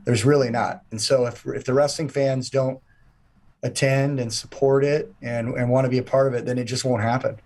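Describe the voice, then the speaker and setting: A man's voice: medium pitch, little pitch movement, normal speed, darkish tone. A man guesting on an interview, talking with enthusiasm in long run-on sentences. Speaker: event promoter guest. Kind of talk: casual interview chat.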